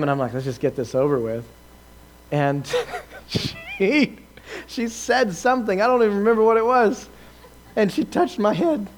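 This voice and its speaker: Brief: male preacher, higher voice, animated testimony with laughs and quoted asides, faint room noise. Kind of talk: sermon testimony.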